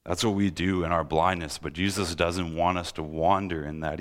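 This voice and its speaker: A young man delivers a sermon with a very low voice. He speaks earnestly and presses his listeners with pleading, impassioned questions. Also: fairly bright tone. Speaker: preacher.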